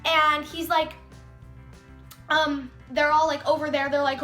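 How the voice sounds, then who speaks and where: High, bright teen girl vlogger. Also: measured pace. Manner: chatty, heavy use of "like", acts out quotes. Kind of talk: casual storytime vlog. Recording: echoey room, faint music.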